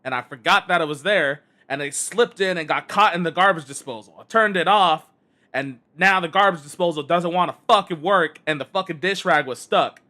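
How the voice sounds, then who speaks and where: A man's voice: on the high side, brisk, sharp tone. A man streaming a game, telling a long exasperated story full of swearing in a casual rant. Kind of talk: casual rant while gaming.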